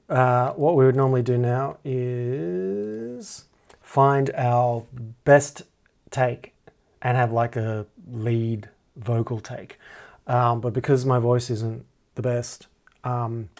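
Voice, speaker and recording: A man explaining his editing steps in a casual tutorial, hesitant and full of ums and restarts, often trailing off quietly. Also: mid-range voice, takes it slowly, vocal fry. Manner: hesitant, many ums and restarts, self-deprecating. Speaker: music producer teaching a DAW. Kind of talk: casual screen-recorded tutorial.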